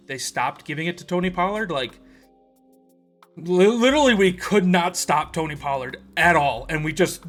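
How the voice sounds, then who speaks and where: Male fan vlogger, high voice, swearing through a heated game rant, light music bed. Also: a bit bright. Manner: profane, exasperated ranting. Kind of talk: sports reaction rant.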